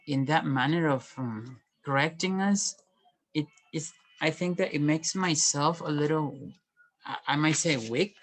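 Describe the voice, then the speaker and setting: Halting, soft-spoken man reflecting. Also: on the high side, poor audio. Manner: halting, many restarts and pauses. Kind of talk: personal reflective monologue.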